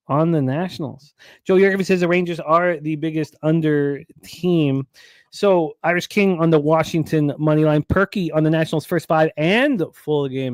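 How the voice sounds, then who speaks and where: A man with a slightly raised voice runs through odds, weather and pitcher stats in quick order. The sound is dry and close, with almost no room echo. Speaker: host. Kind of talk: sports betting radio.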